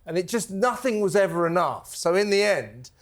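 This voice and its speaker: A man on a studio panel who tells his tales in fits and starts, stammering and restarting his sentences. His voice is a little high for a man. It is comic grumbling chat. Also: very animated. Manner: halting, restarts and stammered repeats while telling a story. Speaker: co-host panellist.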